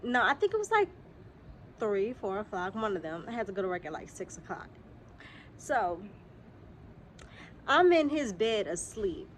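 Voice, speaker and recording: A young woman speaks, spilling a story to her viewers in a casual vlog. Her delivery is animated and full of cursing, and she sounds a little under the weather. She is recorded outdoors on a phone camera, with faint noise behind her. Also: mid-range voice, normal speed, long pauses. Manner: animated, profane, talks straight to viewers. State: slightly sick, clears throat. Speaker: vlogger.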